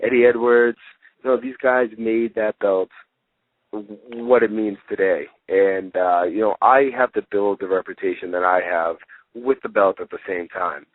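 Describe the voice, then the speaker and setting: Young man, low voice, rambling phone chat, dry and tinny. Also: a little slow, dry recording. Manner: rambling, lots of fillers, gets excited retelling. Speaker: guest wrestler. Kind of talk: casual interview chat.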